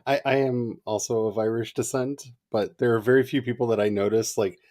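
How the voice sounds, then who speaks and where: A man co-hosting a livestream in casual chat, animated and chatty, laughing often. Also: medium pitch, brisk. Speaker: livestream co-host.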